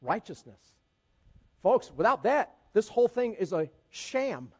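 High-pitched guy preaching in church, chatty and animated, acts out the bible people. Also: measured pace. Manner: conversational, animated, acts out scripture characters. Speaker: pastor. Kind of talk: sermon.

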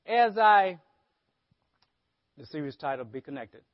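A man's voice: high-pitched, animated, a little slow, dry recording. A man preaching a sermon as pastor, often asking the congregation rhetorical questions. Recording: dull lo-fi sermon audio.

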